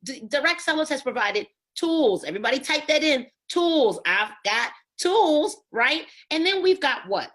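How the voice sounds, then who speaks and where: A woman's voice: high-pitched, very animated, unhurried, few pauses, a bit bright. A woman leading a motivational sales training on a video call, emphatic, keeps asking "right?" and calls on listeners by name.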